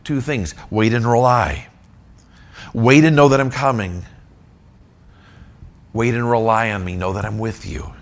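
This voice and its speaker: Guy preaching verse by verse, emphatic, swings loud then quiet. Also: measured pace, pauses often. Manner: emphatic, rises to near-shouts and drops low. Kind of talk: expository sermon.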